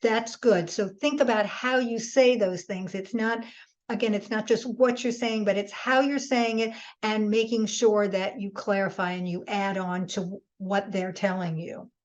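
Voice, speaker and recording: A woman's voice: medium pitch, steady tone, moderate pace, lo-fi sound. A woman presenter answering audience questions in a webinar, giving earnest advice with frequent restarts. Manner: earnest, advising, many restarts.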